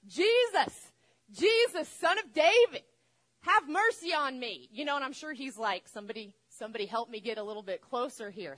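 A woman preaching a sermon, retelling a story with lively acted-out voices. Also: a little high. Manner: animated, acts out voices in the story. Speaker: pastor.

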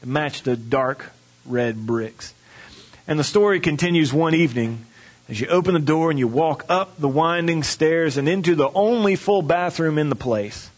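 A man delivering a storytelling sermon, his voice sitting a bit high and carrying a husky, breathy edge. He talks in a folksy, conversational way and acts out the people in his story. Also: animated, moderate pace. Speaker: preacher.

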